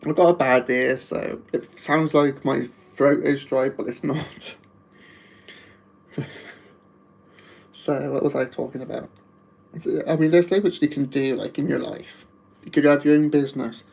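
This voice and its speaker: A man's voice: mid-range voice, fairly even intonation, a little slow, creaky, pauses often, darkish tone, rough recording. A man with a Wolverhampton accent chatting casually on a live stream, rambling and laughing often.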